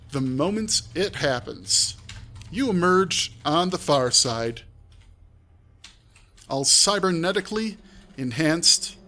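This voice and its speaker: Bright-voiced man narrating a game. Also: a little high. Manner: reads aloud with offhand asides. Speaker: streamer narrating an AI text adventure. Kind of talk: live-streamed game narration.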